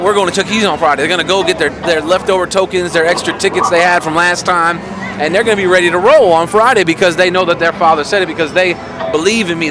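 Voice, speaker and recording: Man, youth pastor, rambling interview talk, fairly high voice, music playing behind. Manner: rambling, full of "you know" fillers and restarts. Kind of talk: talking-head interview.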